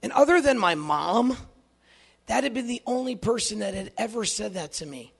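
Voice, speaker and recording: Gravelly, high-voiced man telling a faith story. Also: moderate pace. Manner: earnest, animated storytelling with self-deprecating humor. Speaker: Catholic youth speaker. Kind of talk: inspirational talk.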